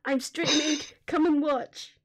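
A woman streaming a building game, chatting casually and giggling, with frequent excited gasps. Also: high-pitched, takes it slowly.

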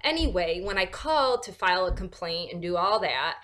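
A woman vlogger talking in a casual, animated and sarcastic rant, full of fillers and restarts. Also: fairly low pitch, fairly quick. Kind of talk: casual ranting monologue.

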